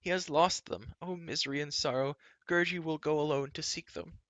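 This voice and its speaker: Man reading aloud, doing a whimpering shaggy creature, high and gravelly, moaning in misery, dull lo-fi sound. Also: moderate pace, fairly bright tone, no echo. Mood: wailing. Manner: moaning, lamenting in third person. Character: whimpering shaggy male creature, fearful and woeful. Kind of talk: storybook reading.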